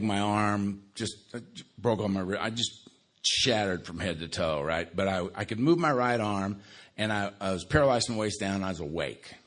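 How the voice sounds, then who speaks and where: An older man from Los Angeles speaking to a live recovery meeting. He tells his story conversationally, laces it with dark, wry humor, and keeps checking in with "right?". His tone turns quiet and subdued for grave memories. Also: fairly low pitch. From Los Angeles, USA. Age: 60s. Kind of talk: recovery talk to a live audience.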